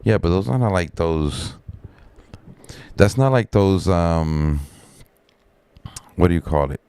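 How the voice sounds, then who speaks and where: A middle-aged man rambling through a profane story on a casual live stream, with lots of fillers and a sharply higher voice when he quotes other people. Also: slow pace, warm tone, clear, resonant tone, dry recording. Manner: raises pitch sharply when quoting others.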